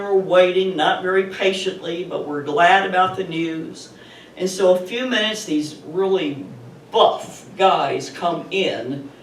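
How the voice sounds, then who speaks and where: A middle-aged woman telling a personal story live to an audience, chatty and animated. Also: fairly low pitch. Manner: animated, chatty retelling with laughs. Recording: roomy, distant mic with faint noise.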